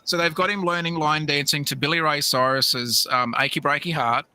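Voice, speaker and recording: A man's voice: a little high, steady tone, moderate pace, over a noisy crowd. A middle-aged man hosting a livestream, telling a rambling, laughing story with many restarts. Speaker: livestream host. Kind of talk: casual storytelling chat.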